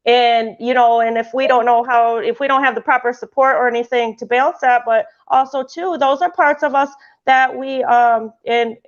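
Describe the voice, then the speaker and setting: A woman with a fairly high voice chats casually about spiritual matters, rambling and restarting her sentences as she goes. The sound is muffled and lo-fi. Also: steady tone, normal speed, hardly any pauses. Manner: rambling, many restarts, laughs often. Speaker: podcast host.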